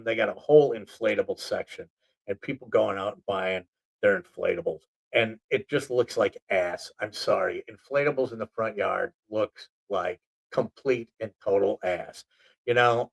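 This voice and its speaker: A man's voice: fairly low pitch, gravelly, poor audio. A man hosting his own talk show, in a rambling, joking monologue full of asides. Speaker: host. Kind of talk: casual comedic monologue.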